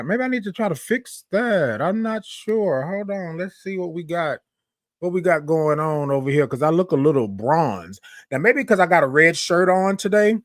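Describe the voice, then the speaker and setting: A man's voice: a little high, no room sound, studio quality. Chatty livestream host, man. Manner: chatty, greets viewers by name, drawn-out sung "good morning". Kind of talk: casual livestream talk. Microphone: microphone close to face.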